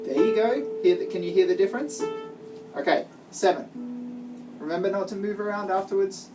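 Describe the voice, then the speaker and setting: In a one-on-one guitar lesson, a woman with a mid-range voice briskly guides a child step by step, offering plenty of praise. The microphone sits far away, and guitar playing can be heard.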